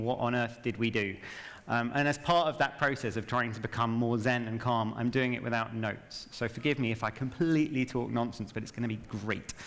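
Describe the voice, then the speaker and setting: A man's voice: mid-range voice, a bit bright. Chatty self-mocking man speaking in a hall. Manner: chatty, self-deprecating, wry asides. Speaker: game narrative director giving a talk. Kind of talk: conference talk without notes. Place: large event hall. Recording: long hall reverb.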